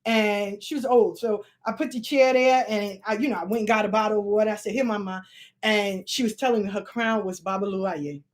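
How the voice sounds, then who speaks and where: A middle-aged woman telling a long personal story in casual, profane, animated talk, slipping into the voices of the people she quotes. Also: mid-range voice, brisk. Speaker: spiritual channel host.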